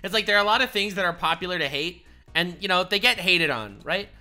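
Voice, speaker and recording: A man's voice: sits high, animated, fast talker, bright, forceful tone. A man hosting a reaction video, ranting animatedly and laughing easily between remarks. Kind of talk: casual reaction commentary.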